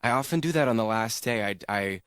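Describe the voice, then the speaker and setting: A male actor guest with a fairly low voice who tells backstage stories in a bubbly, chatty way. He scatters "like" through his sentences and laughs as he goes. He sounds dry and close to the studio mic. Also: expressive, fairly quick, fairly bright tone, smooth, no echo. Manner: bubbly, lots of "like", laughing asides. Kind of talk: chatty interview anecdotes. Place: radio studio.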